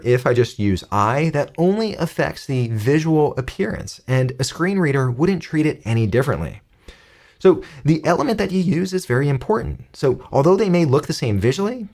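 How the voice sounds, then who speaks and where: A man's voice: on the high side, normal speed. Guy walking through a coding tutorial step by step, voice bounces up and down a lot. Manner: calm step-by-step explaining. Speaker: coding instructor. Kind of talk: screen-recorded coding tutorial.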